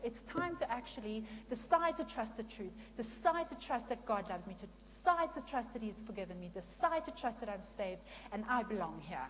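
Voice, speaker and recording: A woman giving a sermon-style talk, lively and conversational, often turning to the audience with questions. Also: a little high, brisk, few pauses. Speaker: Christian speaker and counselor. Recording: long hall reverb with faint hum.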